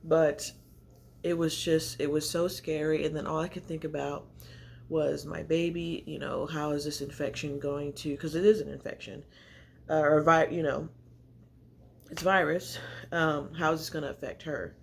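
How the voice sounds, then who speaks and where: Gravelly-voiced chatty woman vlogger. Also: low-pitched, little pitch movement, normal speed, a little hiss or hum. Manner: chatty, confessional, rambling. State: often out of breath. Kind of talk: casual vlog chat to camera. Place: home, indoors by natural light.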